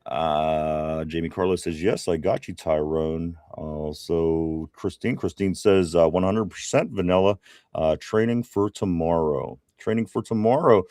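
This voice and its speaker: A man's voice: low voice, measured pace, dark tone, no room sound, studio quality. A man co-hosting a casual live sports show, reading viewer comments and laughing often. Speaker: co-host.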